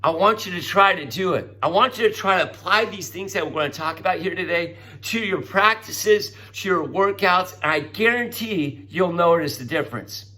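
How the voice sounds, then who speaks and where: A middle-aged man giving a classroom lecture, coaxing and animated, acting out voices as he explains. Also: high voice, moderate pace, hardly any pauses. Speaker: teacher.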